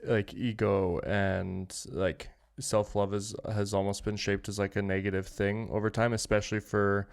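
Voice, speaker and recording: A man's voice: on the low side, little pitch movement, normal speed, gravelly, few pauses. A man co-hosting a podcast, talking casually and rambling, with plenty of filler words and restarts. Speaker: podcast host.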